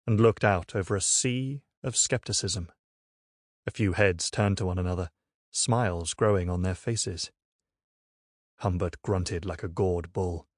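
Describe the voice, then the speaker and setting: A man narrating an audiobook in a measured, even storytelling manner. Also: deep voice, no echo, clean studio sound. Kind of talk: scripted narration. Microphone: studio microphone.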